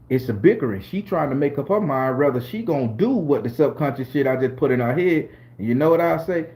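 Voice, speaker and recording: A man's voice: medium pitch, animated, brisk, few pauses, darkish tone. A middle-aged man from southern Florida with a Southern US accent, telling a story to camera in a slangy, profane, streetwise way. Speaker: channel host storyteller.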